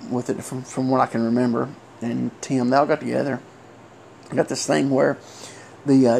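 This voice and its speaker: A middle-aged man, a former wrestler telling an old story casually, halting and rambling with many fillers. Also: medium pitch, creaky, a little mellow, slight background noise.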